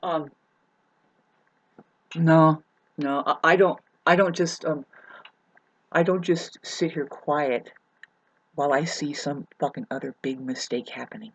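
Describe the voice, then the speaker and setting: A woman venting in a ranting monologue, profane and agitated, swinging from loud scolding to hushed asides and stumbling over her restarts. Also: low-pitched, fairly even intonation, slow, pauses often, breathy edge. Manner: stammering restarts. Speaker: vlogger.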